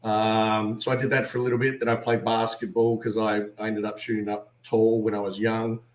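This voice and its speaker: A man in his forties with an Australian accent, telling an animated story as a guest on a video call and acting out voices in quotes. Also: lowish voice, a little fast, echoey room.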